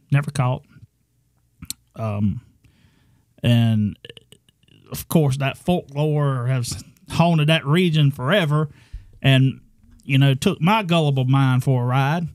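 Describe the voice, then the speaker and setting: An older man co-hosting a podcast, telling a story in a rambling, halting way and laughing often. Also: medium pitch, darkish tone, no echo, studio quality. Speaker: podcast co-host. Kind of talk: casual chat.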